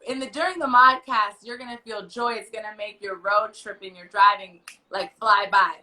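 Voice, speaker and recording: A woman's voice: mid-range voice, normal speed, pushed and bright, poor audio. An American woman hosting a podcast, upbeat and teasing as she interviews a guest. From United States. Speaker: podcast host. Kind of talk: casual video interview.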